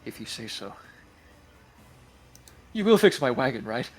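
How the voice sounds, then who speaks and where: A man voicing a weary male villager farmer, speaking quietly and worriedly. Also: medium pitch, big pitch swings, unhurried, husky, soft background music, voice pushed down. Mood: doubtful.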